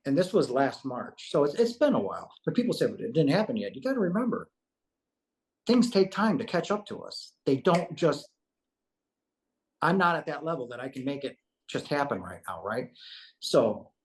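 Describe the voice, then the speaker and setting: A man's voice: on the high side, big pitch swings, moderate pace. A man being interviewed, telling a personal story casually and earnestly, and acting out the conversations he remembers. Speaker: interview guest recounting a near-death experience.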